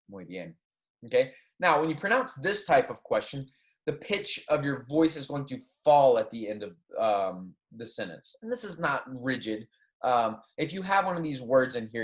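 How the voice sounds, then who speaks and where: A man teaching a recorded Spanish class. He explains in English, says Spanish phrases slowly as examples, and keeps checking in with "right?" and "okay". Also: mid-range voice.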